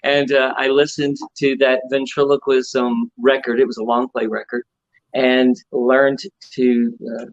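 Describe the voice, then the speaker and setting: A man, a ventriloquist, telling his story in a relaxed interview with many fillers. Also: mid-range voice, unhurried. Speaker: ventriloquist guest. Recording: dull lo-fi audio.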